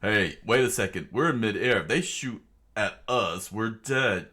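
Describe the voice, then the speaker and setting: A man reading the lines of a calm, blunt male swordsman in a low, flat voice close to his own. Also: unhurried.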